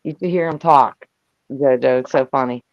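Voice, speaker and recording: An older woman chatting on a live stream, loud, brash and profane, laughing often. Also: rumbling low, normal speed, dry recording. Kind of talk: casual chat. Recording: dull lo-fi sound.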